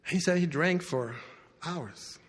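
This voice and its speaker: A man preaching to a congregation, telling a story with loud bursts and quiet asides. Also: fairly high pitch, slow pace, husky. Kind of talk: sermon storytelling. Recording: long hall reverb.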